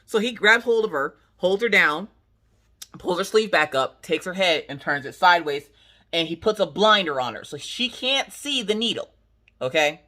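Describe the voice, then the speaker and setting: A woman hosting a casual vlog, telling a family story in an animated, emphatic way with sassy asides. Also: on the low side, normal speed. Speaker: channel host, mother.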